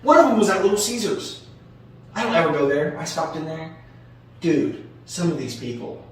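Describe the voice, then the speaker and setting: A man co-hosting a podcast in casual chat, telling stories in an animated way, swearing casually and restarting his sentences often. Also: on the high side, moderate pace. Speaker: podcast co-host. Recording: echoey room, distant mic, background noise.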